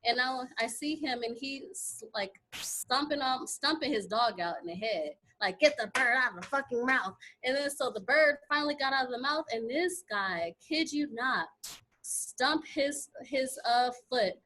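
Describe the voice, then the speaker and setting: A young adult woman co-hosting a radio talk show, telling an animated story with plenty of cursing. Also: high-pitched, a little slow, slight background noise, rough recording. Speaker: radio co-host. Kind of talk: casual radio banter.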